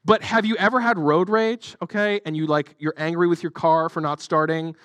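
A male pastor delivering a sermon in church, chatty and joking, full of fillers. His voice is high for a man. The sound is dry and close. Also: fairly even intonation, normal speed, fairly bright tone, no echo. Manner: conversational, jokey, many fillers.

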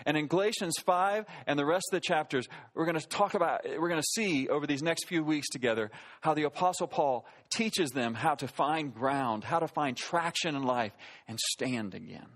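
A man with a notably high-pitched voice delivers a sermon as a pastor. He tells stories in an animated, self-deprecating way, slipping humor in among his points. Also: normal speed.

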